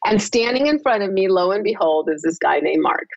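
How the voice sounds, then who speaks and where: Lively woman telling her story, lo-fi. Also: mid-range voice, vocal fry, no room sound. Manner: lively, laughs often, repeats words in quick restarts. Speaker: podcast guest. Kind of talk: personal storytelling in an interview. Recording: dull, dry, lo-fi sound.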